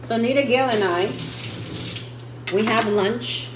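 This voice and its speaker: A woman's voice: fairly high pitch, takes it slowly, background noise. A woman in her fifties giving a frank, profane confessional vlog. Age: 50s. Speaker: vlogger.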